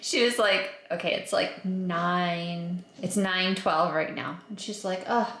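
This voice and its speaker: A woman's voice: fairly low pitch, slow, a bit bright, roomy sound. A woman chatting casually to her camera at home, rambling with plenty of fillers. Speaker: vlogger. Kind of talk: casual home vlog chat.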